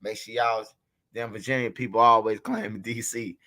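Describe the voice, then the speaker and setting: A man's voice: fairly low pitch, steady tone, normal speed, pushed and bright. A man hosting a livestream, telling a story and talking straight to his chat in a loose, profane way. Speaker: livestream host. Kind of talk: casual livestream commentary.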